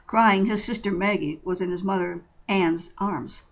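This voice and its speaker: A woman reading a short story aloud in a plain, steady way with occasional slips. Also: on the low side, unhurried, poor audio. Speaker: narrator.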